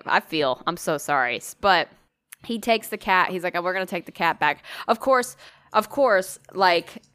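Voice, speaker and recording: A woman's voice: fairly low pitch, lively intonation, moderate pace, fairly bright tone, smooth, no echo. A woman co-hosting a podcast, telling a story in casual chat, swearing freely and acting out the voices of the people in it. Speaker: podcast co-host.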